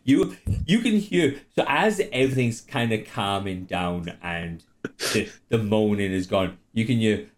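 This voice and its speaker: A man's voice: on the low side, expressive, measured pace. A man running a tabletop game as dungeon master, casual and laughing, with plenty of swearing.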